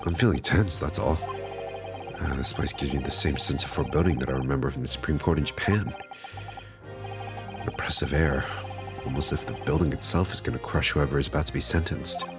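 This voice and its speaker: A man reading the lines of a nervous young male lawyer from a game, low and subdued. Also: brisk, over music. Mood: uneasy. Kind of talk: reading game dialogue aloud.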